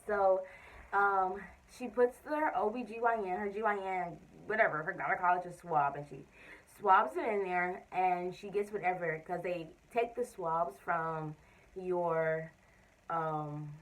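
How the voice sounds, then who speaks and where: A young woman, telling an expressive story-time vlog and acting out what people said. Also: fairly low pitch, measured pace, far from the mic, low-quality recording. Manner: animated, expressive storytelling with quoted voices. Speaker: vlogger.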